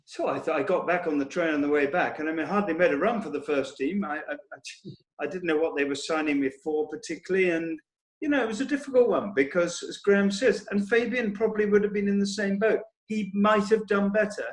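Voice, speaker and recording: A man with a fairly high speaking voice recounts old cricket stories in easy panel chat. He drops into quoted voices as he goes, and the recording carries a noticeable room echo. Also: fairly quick. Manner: anecdotal, quotes others in lively voices. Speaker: former cricketer, guest. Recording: roomy echo.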